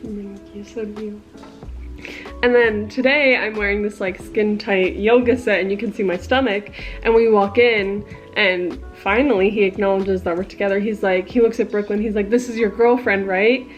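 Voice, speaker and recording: A young woman chats through a story for her vlog, tossing in fillers as she goes. Her voice sits at a middling pitch. Soft music plays underneath. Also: fairly even intonation, moderate pace, muffled recording. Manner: chatty, storytelling with frequent fillers. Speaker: vlogger. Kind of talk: casual chat.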